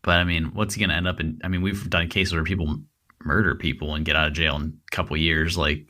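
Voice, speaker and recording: A man's voice: deep voice, level tone, fast, pushed and bright. A man co-hosting a true-crime podcast, talking casually and rambling with lots of fillers and restarts. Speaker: podcast co-host.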